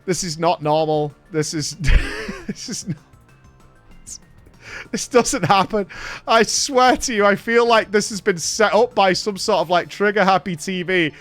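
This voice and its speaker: A man's voice: sits high, measured pace, faint music behind. A man, hosting a casual podcast and telling a story with lots of swearing and laughter. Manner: animated, swears a lot, laughs through the story. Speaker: podcast host.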